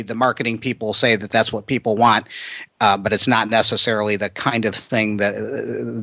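Man, host, bright forceful voice, conversational, many restarts, dry close sound. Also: fairly low pitch, no room sound. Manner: animated, thinking aloud with many restarts. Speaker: podcast host. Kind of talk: conversational interview.

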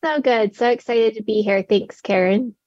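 A woman guest answers eagerly and briefly. Her voice is a little husky. The recording is dry and slightly muffled. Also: on the high side, normal speed, darkish tone, no room sound. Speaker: podcast guest. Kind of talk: casual chat.

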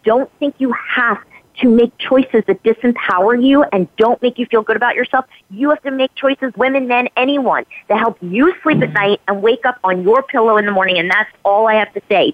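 A woman's voice: on the high side, moderate pace, dry recording. A woman guest in a podcast interview, talking in an emphatic, motivational way and repeating phrases for stress. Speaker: actress and guest. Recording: tinny phone-like line, dry.

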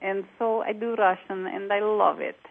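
A woman with a Cockney accent, an accent coach talking as a radio guest, animated and repeating herself. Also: mid-range voice, moderate pace, vocal fry. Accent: English, Cockney. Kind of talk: radio interview. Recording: tinny phone-like line.

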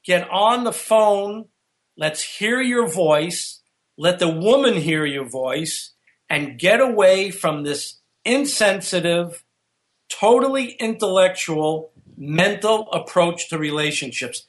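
High-voiced, unhurried opinionated man. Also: expressive. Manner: opinionated, preachy. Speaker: relationship coach guest. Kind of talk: casual radio chat.

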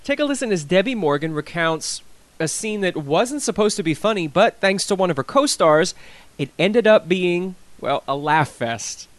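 A man's voice: high voice, expressive, moderate pace, no echo. A man hosting a tribute show, narrating his script in a playful, teasing way. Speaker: host.

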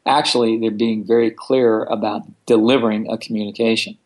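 Blunt, animated male storyteller. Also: on the low side, fairly quick. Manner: blunt, animated, swears freely. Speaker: guest, founder of a self-help organization. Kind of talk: casual storytelling in conversation.

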